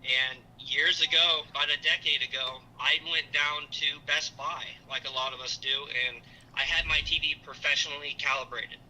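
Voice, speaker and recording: A middle-aged man on a casual call-in chat as a guest, rambling and halting with restarts. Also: on the high side, steady tone, sharp tone, slight background noise, low-quality recording.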